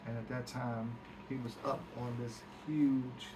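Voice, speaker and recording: A man's voice: medium pitch, level tone, unhurried. A man recounting a story as a guest, acting out quoted speech and swearing freely. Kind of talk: animated storytelling. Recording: distant mic with background hiss.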